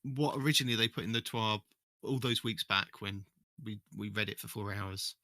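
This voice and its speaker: A man's voice: fairly low pitch, normal speed, sharp tone, no echo. A man co-hosting a casual podcast, easygoing and jokey. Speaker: podcast co-host and editor.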